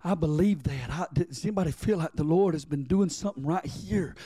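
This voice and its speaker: A man's voice: fairly high pitch, fairly quick, warm tone, breathy edge, dry recording. A man preaching a sermon as pastor, reading scripture and calling on the congregation to respond.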